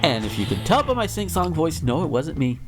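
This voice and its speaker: A male podcast host from the United States rants with profanity. His voice sits fairly high and swings a lot in pitch. Music plays clearly in the background. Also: brisk. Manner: animated, profane ranting. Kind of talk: casual ranting chat.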